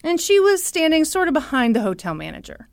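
A woman host telling a story in a lively chat, acting out the quotes. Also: high voice, brisk, dry recording, studio quality. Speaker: podcast host.

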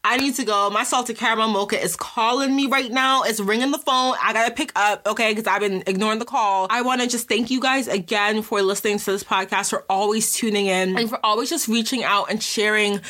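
A woman's voice: on the high side, steady tone, fairly quick, hardly any pauses, sharp tone. A woman hosting a podcast, talking to listeners in a casual, gushing and emotional way, with many "like"s and "you guys". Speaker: podcast host.

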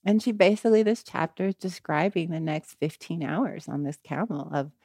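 A woman with a lowish, grounded voice tells a story casually and with feeling, peppering it with "you know" and "right?". The sound is close and dry, with no room around it. She lifts her voice when she gets caught up in the telling. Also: moderate pace, no room sound. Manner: animated retelling, frequent "you know" and "right?"; gets louder and higher when she quotes the people in the story.

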